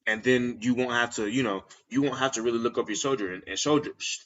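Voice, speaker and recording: A man from Texas hosting a podcast, telling stories in a slangy, animated casual monologue. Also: medium pitch, fast talker, highs cut off. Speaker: podcast host.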